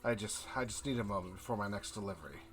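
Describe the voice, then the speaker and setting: A man's voice: on the low side, quick pace, close to an everyday voice. A man voicing a friendly, slightly breathless woman who delivers bread, making polite small talk. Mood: friendly chatty.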